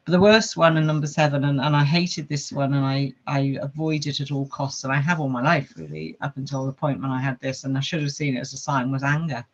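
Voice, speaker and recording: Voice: medium pitch, little pitch movement, a little fast, hardly any pauses, dull audio. A podcast guest, telling a personal story in an earnest way and listing things with lots of repetition.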